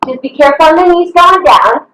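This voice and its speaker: A woman fitness coach leads a live online workout, counting reps, whooping and encouraging in an upbeat way while slightly out of breath. Her voice sits high and sounds animated, brisk and sharp, captured in an echoey room with poor audio.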